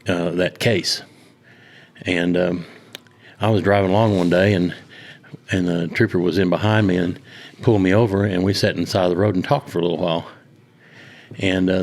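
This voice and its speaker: Deep-voiced older man with an Oklahoma drawl. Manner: slow, halting storyteller with many fillers. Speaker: hunting lodge owner, retired law officer. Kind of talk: casual storytelling interview.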